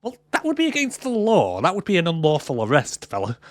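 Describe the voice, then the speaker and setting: A man co-hosting a podcast, chatting casually about a film and acting out its scenes, animated and swearing freely. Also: on the high side, fast, dry recording, studio quality. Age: adult with a daughter. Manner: animated, swears, acts out scenes in put-on voices. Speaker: podcast co-host. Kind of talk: casual film-review chat.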